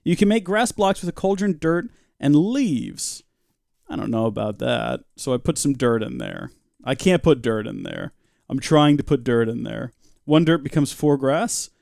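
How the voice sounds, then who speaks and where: Playful gravelly man streaming a game. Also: very animated, moderate pace, a little mellow, no echo, clean studio sound. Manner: playful, talks to chat, jumps into silly high voices. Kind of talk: live gameplay commentary.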